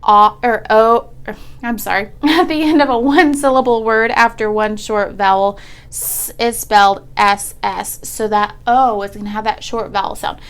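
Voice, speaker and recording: A young woman teaching a phonics lesson to children over video, speaking patiently and enunciating each sound clearly. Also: a little high, moderate pace, a bit bright.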